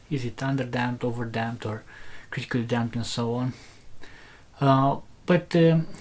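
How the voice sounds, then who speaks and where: Hesitant man explaining speaker tech. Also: mid-range voice. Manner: hesitant, many fillers and restarts, explains step by step. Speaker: loudspeaker maker demonstrating a driver. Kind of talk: casual technical demonstration.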